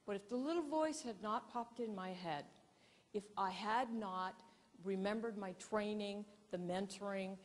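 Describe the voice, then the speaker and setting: Woman, keynote speaker, animated storyteller, echoing hall. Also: medium pitch, a little slow. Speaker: keynote speaker and presentation coach.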